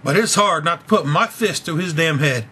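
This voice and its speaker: A young man with a high, bright, husky voice vents to his webcam in a casual video blog. He rants angrily and swears freely as he tells his story. The delivery is raw and unpolished. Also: lively intonation, moderate pace. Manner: angry, ranting, profane. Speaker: video blogger. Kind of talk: casual venting vlog.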